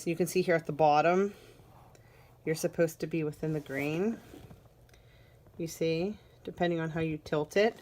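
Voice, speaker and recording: A woman's voice: fairly low pitch, a little mellow. A woman giving a casual, enthusiastic product walkthrough as a parent, chatty and repeating words for emphasis. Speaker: parent reviewing a car seat.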